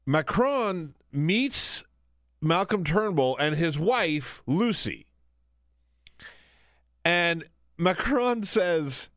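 A man's voice: a little high, sing-song, very slow, pauses often, fairly bright tone, no echo, studio quality. A man filling in as the host of a radio talk show, chatting casually and laughing often.

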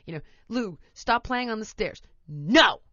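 A woman host telling a long story in casual chat, animated and often laughing, acting out her toddler in voices. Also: on the high side, moderate pace, dry recording, highs cut off.

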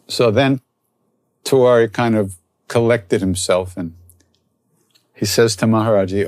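A man, a spiritual teacher, telling a story and then reflecting softly on spiritual practice. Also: fairly low pitch, fairly even intonation, unhurried, pauses often, dry recording, studio quality. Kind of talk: storytelling talk.

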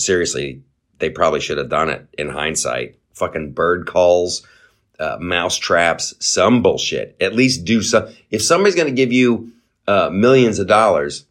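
Animated, rambling male podcast host. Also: deep voice. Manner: animated, rambling, profane, with sarcastic asides. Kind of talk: casual political commentary.

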